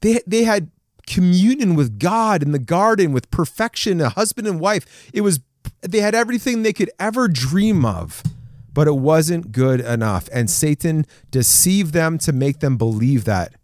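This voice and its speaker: Brief: lively young male preacher, slightly high voice, dry close sound, acts out stories. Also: normal speed, dry recording. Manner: animated, acts out scripture figures, chuckles. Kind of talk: casual sermon.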